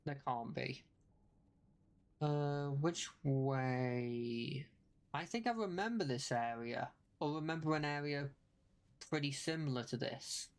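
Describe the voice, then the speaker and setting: A young adult streamer narrates live gameplay in a mid-pitched voice, muttering to themselves and rattling off the same spell call again and again. Nearly every sentence tilts upward at the end as if it were a question. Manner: talks to self, repeats spell calls rapidly. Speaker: game streamer.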